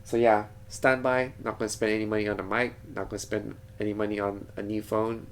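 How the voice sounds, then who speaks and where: Male vlogger, deep-ish and a bit creaky; easygoing, digressive talk from a home studio. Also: flat delivery, fairly quick, slight background noise. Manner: digressive, thinks aloud with frequent restarts. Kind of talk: casual rambling vlog monologue.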